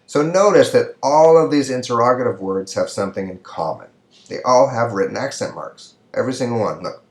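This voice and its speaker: A man teaching Spanish grammar in a recorded video lecture, speaking slowly and carefully and drawing out example sentences. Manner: slow and careful, drawing out example sentences to show rising pitch. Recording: echoey room.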